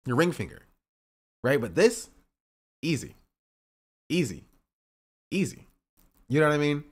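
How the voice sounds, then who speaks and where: Male streamer, casual reaction talk, medium pitch. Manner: chatty, repeats himself, reads chat aloud. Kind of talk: casual live-stream commentary.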